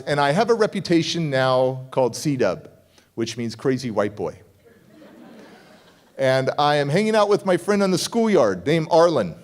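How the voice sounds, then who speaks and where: A middle-aged man, a motivational speaker, telling a story on stage, animated and jumping into quoted voices. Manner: animated, acts out quoted voices with big pitch jumps. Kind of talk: energetic storytelling keynote. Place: conference hall stage.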